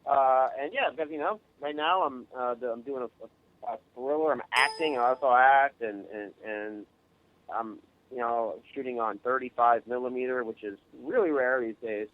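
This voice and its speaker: A man from Long Island, New York, a guest actor and director, talking modestly and haltingly in a casual radio interview, stumbling over restarts. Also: mid-range voice. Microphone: phone line. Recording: dry, tinny phone line.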